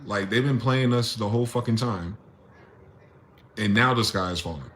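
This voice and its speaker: A man's voice: lowish voice, normal speed, a bit bright, slight background noise. A man delivering an impassioned, profane solo rant, firing off rhetorical questions. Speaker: vlogger. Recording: echoey room.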